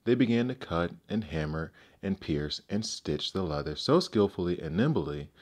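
A man narrating fairy tales aloud in a measured, gentle manner. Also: low-pitched, very animated. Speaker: storyteller. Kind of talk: storybook narration.

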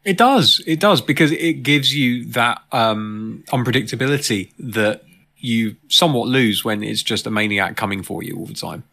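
A man co-hosting a movie podcast, speaking in a measured, agreeable way with some hesitations. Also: mid-range voice, lively intonation, sharp tone. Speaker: podcast co-host. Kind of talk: casual movie discussion.

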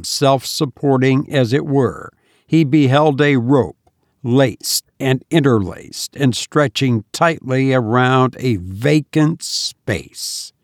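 A man narrates a first-person gothic tale in a measured, solemn voice of middle pitch. He reads very slowly and deliberately. The recording is dry and close, with no room echo. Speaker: audiobook narrator.

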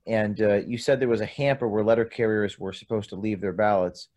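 A man's voice: fairly low pitch, fairly even intonation, a little fast, darkish tone. A man conducting an investigative interview, asking pointed, leading questions.

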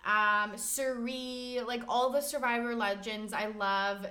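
A woman's voice: a little high, steady tone, takes it slowly, pushed and bright. A young woman co-hosting a podcast, chatting casually and enthusiastically, swearing freely and using lots of fillers. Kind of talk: casual chat.

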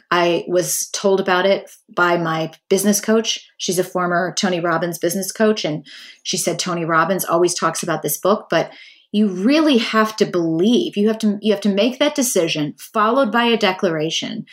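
A middle-aged woman hosting a podcast, telling a personal story in a candid, chatty way and talking straight to her listeners. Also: on the low side. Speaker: podcast host.

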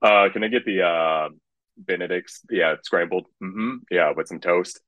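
A man's voice: low-pitched, fairly bright tone, no echo, dull audio. A man imitating a young man who mumbles a casual breakfast order full of fillers. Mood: offhand. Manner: halting, mumbled, filler-laden.

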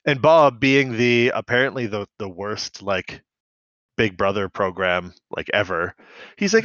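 A man's voice: on the low side, lively intonation, a little slow, a bit bright, dry recording. A man hosting a casual podcast recap of a cartoon, rambling and often laughing. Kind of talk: casual chat. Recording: dull lo-fi.

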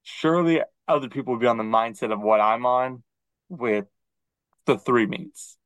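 A man co-hosting a podcast, chatting casually and acting out quoted dialogue in an animated storytelling manner. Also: medium pitch, moderate pace, no echo, rough recording. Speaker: podcast co-host. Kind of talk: casual chat.

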